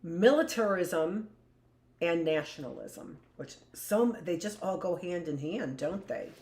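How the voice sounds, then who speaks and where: A woman teacher talks her way through a live history lesson at an unhurried pace. She fires off questions to students who aren't there and answers them herself, with jokey asides along the way. Her voice bounces around an echoey room. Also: lowish voice, animated, darkish tone.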